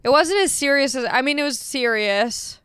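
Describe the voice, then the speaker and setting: A young adult woman casually telling a story, lively and swearing freely as she acts out the people she quotes. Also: high voice, normal speed, smooth, no echo, studio quality.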